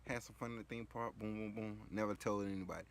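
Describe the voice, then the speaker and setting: A man's voice: on the low side, little pitch movement, quick pace, smooth. A man casually telling a story, rambling and slangy, with lots of filler phrases. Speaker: vlogger.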